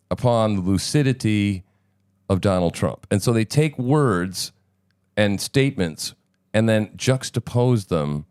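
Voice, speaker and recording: A man's voice: fairly low pitch, a little mellow, no echo, clean studio sound. A male host giving sarcastic, profane political commentary over news clips, with emphatic ranting. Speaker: show host.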